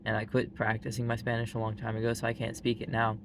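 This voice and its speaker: A man's voice: medium pitch, monotone, quick pace, background noise. A man with a Southern US accent, talking bluntly and casually to the camera and leaning on "like" as a filler. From Arkansas, US. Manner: blunt and frank, heavy use of "like" fillers. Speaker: vlogger.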